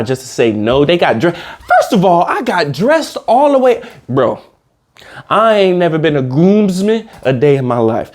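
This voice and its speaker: Male reaction host, comic ranter, slangy, very animated delivery, slightly high voice. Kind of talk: comedic rant reacting to a reality show.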